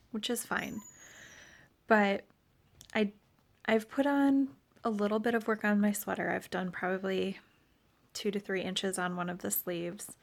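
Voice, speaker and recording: A woman rambles through a casual home vlog, mid-pitched with a gravelly fry in her voice. She often slips into near-whispered asides before coming back up to normal talk. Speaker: vlogger and homeschooling mom.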